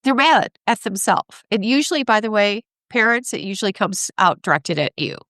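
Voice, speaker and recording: A woman speaking as an expert guest in a conversational interview, animated, acting out parents and kids, often asking "right?". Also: mid-range voice, normal speed, dry recording, clean studio sound. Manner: animated, acts out parents and kids in quoted voices; frequent laughs and "right?" tags.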